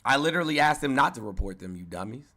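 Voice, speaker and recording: A man's voice: medium pitch, lively intonation, fast, bright, forceful tone. A middle-aged man hosting a livestream, talking bluntly and casually to his chat in slangy speech. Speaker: livestream host.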